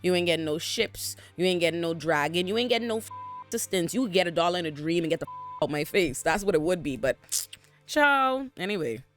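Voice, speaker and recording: A vlogger rattles through an episode recap at home, straight into their own camera. The telling is animated, profane and full of slang, while faint music hums in the background. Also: medium pitch, brisk. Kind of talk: casual recap commentary. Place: bedroom at home.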